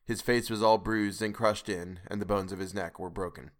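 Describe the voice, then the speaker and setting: A man narrating a classic novel aloud in a grave, measured way. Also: lowish voice, fairly even intonation. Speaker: podcast reader. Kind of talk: audiobook narration.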